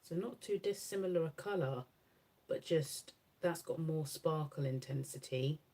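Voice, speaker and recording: Husky-voiced woman musing through makeup swatches. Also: low-pitched, measured pace, dark tone. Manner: musing aloud, self-correcting, chatty. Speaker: beauty creator. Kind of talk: casual swatching demo.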